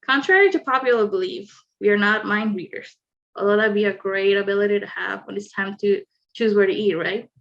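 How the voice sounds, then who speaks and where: A woman's voice: mid-range voice, fairly quick, fairly bright tone, highs cut off. Woman presenting a skills workshop online. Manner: clear instructive delivery with light asides.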